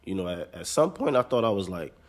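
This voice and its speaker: Deep-voiced American man telling a story. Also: fairly quick. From United States. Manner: relaxed, laid-back, says "man" a lot. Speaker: basketball player, guest. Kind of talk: casual storytelling.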